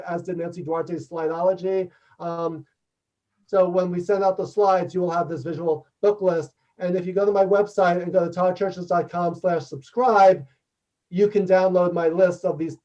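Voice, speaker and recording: Man, fast-talking presenter, high-pitched, mellow tone, muffled distant video-call audio. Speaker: workshop presenter; professor and trainer. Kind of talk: webinar presentation and Q&A.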